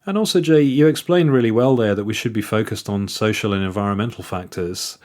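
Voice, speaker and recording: A man hosting a podcast, asking measured, sympathetic interview questions. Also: fairly low pitch, a little mellow. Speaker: podcast host.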